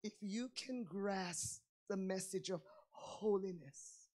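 A woman preaching a sermon with fervor, going from quiet asides to shouted climaxes. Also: medium pitch, slow.

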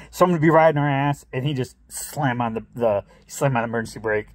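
A man's voice: mid-range voice, fairly quick, dry recording. A middle-aged man from the Midwest telling stories in a casual vlog, laughing often and acting out what people said in a raised voice. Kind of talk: casual storytelling.

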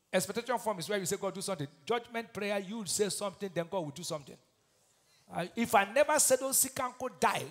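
A man preaching a fiery sermon as pastor, breaking into loud shouted peaks and reciting scripture. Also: sits high. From Nigeria. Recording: long hall reverb.

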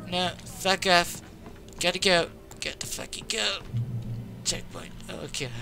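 A young man frantically commenting on a horror game he is playing, swearing and yelling at what happens on screen. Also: a little high. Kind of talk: frantic let's-play commentary. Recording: game music loud behind the voice.

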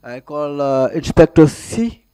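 A man with a Gambian accent testifying at a formal hearing, answering questions haltingly with frequent pauses and restarts. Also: on the high side, animated, dark tone, clear, resonant tone. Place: hearing room.

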